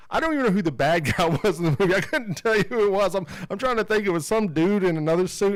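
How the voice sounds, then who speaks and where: Emphatic ranting man, lively voice. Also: high-pitched, fast, few pauses, no room sound. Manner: emphatic, ranting, repeats himself. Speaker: podcast co-host. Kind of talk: casual chat.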